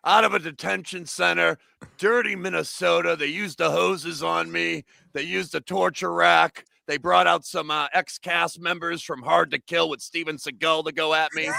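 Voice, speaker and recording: Brief: male activist guest, gravelly bright voice, dry close sound, loud absurdist delivery with shouted bursts. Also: fairly high pitch, fairly even intonation, moderate pace, no echo. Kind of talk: comedic interview chat.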